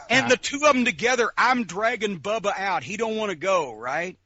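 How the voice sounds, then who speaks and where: A man telling animated, profane stories as a podcast guest, laughing often and mimicking the people in them. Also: high voice, moderate pace, dry recording, dull audio. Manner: profane, excitable, laughs often, imitates voices. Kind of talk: animated storytelling.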